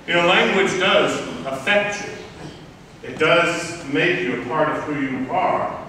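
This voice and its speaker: A man's voice: fairly high pitch, very slow, pauses often, background noise. A man from Southern Maryland preaching a sermon, telling a personal story in a wry, reflective way. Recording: echoey hall, picked up from far off.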